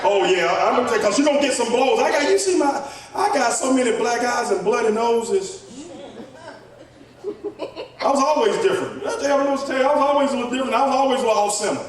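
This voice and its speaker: A male pastor preaching a sermon, rising into shouts and speaking straight to the congregation. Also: very high-pitched, fast. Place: church sanctuary. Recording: echoey church hall from far off, congregation. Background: congregation responding.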